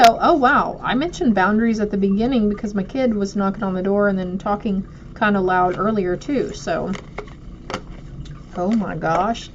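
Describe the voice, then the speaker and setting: A medium-pitched female voice belongs to an oracle card reader giving a casual spiritual reading and addressing her viewers directly with affection. Slight background noise sits under the dull lo-fi sound.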